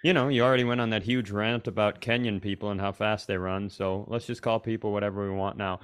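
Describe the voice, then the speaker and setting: Smooth-voiced deadpan man teasing. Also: on the low side, fast talker. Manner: dry teasing, deadpan asides. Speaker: podcast co-host. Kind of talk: casual chat.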